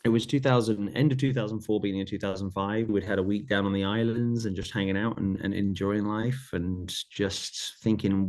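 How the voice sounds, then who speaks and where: A man's voice: lowish voice, darkish tone. A middle-aged man, a podcast guest, earnestly retelling a personal story in vivid detail, often repeating phrases.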